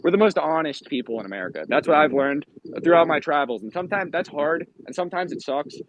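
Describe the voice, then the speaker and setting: A man from New England, talking casually in a rambling, profane, animated way. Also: a little high, quick pace, lo-fi sound, noisy background. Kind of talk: casual chat.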